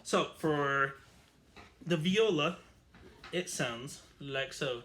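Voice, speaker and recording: A man's voice: a little high, very slow, pauses often, fairly bright tone, faint music behind. A man teaching an online string orchestra lesson, chatty and explanatory, correcting himself as he goes. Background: violin playing.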